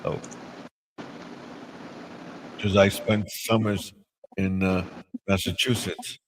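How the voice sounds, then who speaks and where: An older man with a low voice hosts a casual live stream. He rambles, restarting sentences and filling pauses as he goes. A faint hiss sits under his voice. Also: flat delivery, low-quality recording. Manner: rambling, with many restarts and fillers. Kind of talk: casual chat.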